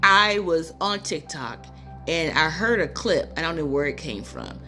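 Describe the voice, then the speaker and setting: Near tears, a woman in her fifties who runs a spiritual channel rambles personally to her viewers over her phone, scattering fillers and asides throughout. Her low, sing-song voice is unhurried yet pushed and bright. Faint music plays behind her.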